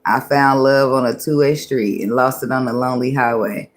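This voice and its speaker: This tarot reader is a woman with a bass voice who speaks at a moderate pace. Her reading is casual and loose, full of laughter and free cursing as she muses aloud and keeps starting her thoughts over.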